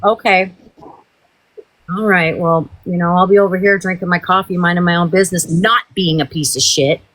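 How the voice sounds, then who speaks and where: A woman's voice: fairly low pitch, fairly even intonation, normal speed, a bit bright. A woman hosting a livestream, in a heated, profane and rambling rant. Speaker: livestream host.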